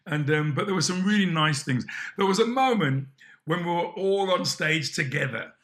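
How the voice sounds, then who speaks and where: A man in his sixties, a chat show guest telling stories in an animated way. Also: a little high, normal speed. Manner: lively storyteller, mimics voices and laughs often.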